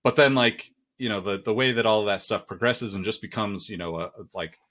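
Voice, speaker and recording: Male interview host, laid-back, filler-heavy talk, fairly low voice. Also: a little fast, pushed and bright. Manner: laid-back, many fillers like "like" and "you know". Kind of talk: casual interview chat.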